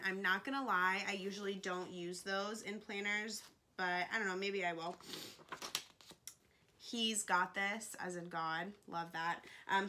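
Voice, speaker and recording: A woman's voice: medium pitch, bright, forceful tone. A woman in her twenties chatting casually through an unboxing, gushing and emotional, with lots of "like" fillers. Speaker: vlogger.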